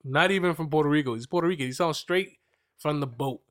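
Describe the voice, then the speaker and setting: A man's voice: a little high, quick pace. A man in his late twenties hosting a podcast, chatting casually with jokey, boastful banter. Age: late 20s. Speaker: podcast host. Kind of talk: casual chat.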